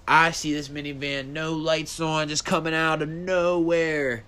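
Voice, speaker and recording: Profane, animated man ranting on his podcast. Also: a little slow, few pauses, clear, resonant tone. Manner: animated, profane, ranting, voice jumps high when worked up. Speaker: podcast host. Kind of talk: solo casual podcast rant.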